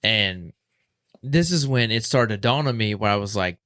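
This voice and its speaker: Low-voiced man telling a story. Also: measured pace, dry recording. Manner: animated, acts out quoted voices. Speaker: podcast guest. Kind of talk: casual storytelling.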